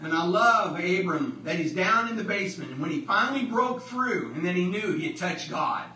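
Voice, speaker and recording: A man's voice: high voice, lively intonation, moderate pace, pushed and bright. A male preacher delivering a sermon in a church, repeating his phrases while the congregation answers him. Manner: repetitive, with call-and-response from the congregation. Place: church hall, livestreamed service. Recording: echoey church from far off.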